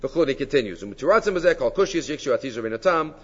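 A man giving a Talmud class lecture, explaining sources in an animated way with Hebrew and Aramaic terms and frequent fillers. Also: mid-range voice, racing, noisy background. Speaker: Talmud teacher. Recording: dull audio in a reverberant hall.

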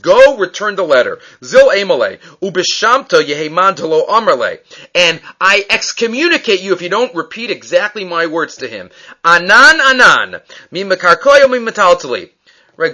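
Male Talmud teacher, high-pitched, reads and explains with rhetorical questions; muffled lo-fi recording. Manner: reads Aramaic text then explains it in English, animated and questioning. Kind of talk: daily Talmud page lesson. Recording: dull lo-fi recording.

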